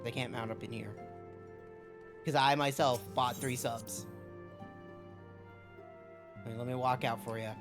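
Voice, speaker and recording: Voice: medium pitch, steady tone, unhurried, long pauses, music in the background. A live game streamer chatting with viewers, reading game lines aloud and ranting with plenty of swearing. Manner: reads cutscene lines aloud, swears, rants loudly.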